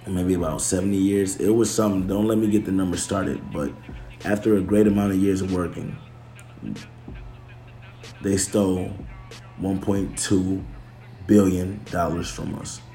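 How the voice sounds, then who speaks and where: Slangy low-voiced man in an echoey room. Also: flat delivery, moderate pace, long pauses, mellow, faint music behind. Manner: loose and slangy, swears, restarts and self-corrects. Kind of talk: casual chat.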